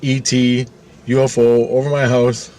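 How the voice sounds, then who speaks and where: A man's voice: mid-range voice, measured pace. Man swearing through a wild story. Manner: profane and animated, laughs often. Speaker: channel host. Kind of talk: casual storytelling.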